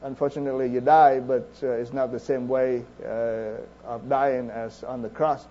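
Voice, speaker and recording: A man preaching a sermon in an earnest, halting way, with frequent restarts and fillers. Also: medium pitch, level tone, warm tone, highs cut off, a little hiss or hum.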